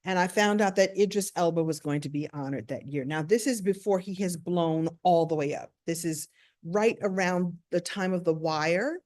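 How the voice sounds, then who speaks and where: A woman's voice: lowish voice, moderate pace, darkish tone. A woman from the United States, a speaker and coach, telling a story in a playful, self-mocking way and acting out voices. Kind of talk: storytelling talk.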